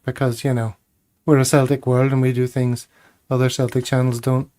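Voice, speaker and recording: A man's voice: medium pitch, little pitch movement, moderate pace, darkish tone. A man hosting a casual chat, joking and laughing at his own jokes. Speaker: podcast host.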